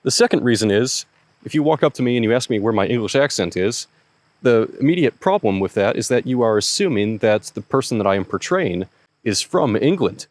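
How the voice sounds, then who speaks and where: An American man, a historical reenactor hosting his own channel, explaining a question to camera in a measured, point-by-point way. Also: medium pitch, expressive, dry recording. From United States.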